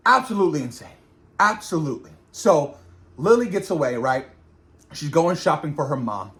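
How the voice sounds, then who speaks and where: An animated man recaps a horror episode with slang and words repeated for emphasis. His pitch swings widely while he talks. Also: normal speed. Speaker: show reviewer. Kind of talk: reaction recap.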